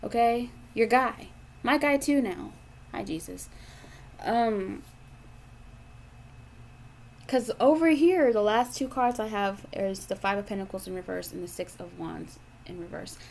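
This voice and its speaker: A woman's voice: mid-range voice, unhurried, creaky. A woman giving a tarot reading to her audience, talking bluntly and with lots of profanity, repeating her points for emphasis. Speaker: tarot reader.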